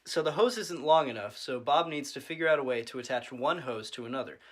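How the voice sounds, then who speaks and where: A man co-hosting a podcast, recapping a comedy film in casual chat, swearing often and rising to loud outbursts. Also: medium pitch, animated, fast talker. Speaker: podcast co-host.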